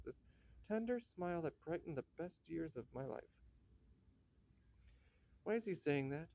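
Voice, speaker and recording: An anguished, lovesick young writer, read aloud by a man, who pleads and stammers through his lines from a play. His voice is fairly high, with a dark, mellow tone. The sound is dry and slightly lo-fi. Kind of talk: dramatic play reading.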